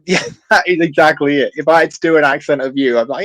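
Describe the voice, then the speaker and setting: A man's voice: fairly high pitch, fast, a bit bright, no echo. A man with a Yorkshire accent co-hosting a film podcast, chatting loosely, swearing casually and laughing often. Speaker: podcast co-host. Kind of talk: casual film review chat.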